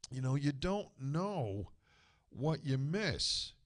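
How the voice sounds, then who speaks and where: A man's voice: medium pitch, very animated, slow. A middle-aged man, a guest on a radio show, telling family stories in a rambling, casual way with many restarts.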